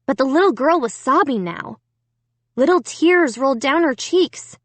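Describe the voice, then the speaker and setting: A woman reading a storybook aloud in an expressive first-person narration. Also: high voice, normal speed, no room sound. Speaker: audiobook reader.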